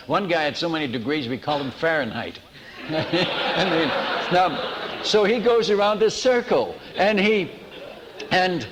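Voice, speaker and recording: Animated storytelling missionary preacher, man. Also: on the high side, unhurried, in a large hall, noisy background. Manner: animated, acts out dialogue, many restarts. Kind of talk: storytelling sermon.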